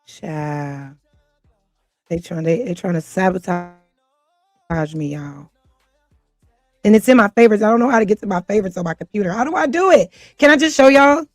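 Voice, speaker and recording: A woman's voice: medium pitch, animated, normal speed, long pauses, no echo. Woman host talking to her live viewers, flustered and laughing, dry close sound, faint music behind. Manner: chatty, flustered, laughs often. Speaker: livestream host. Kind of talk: casual chat to a live audience.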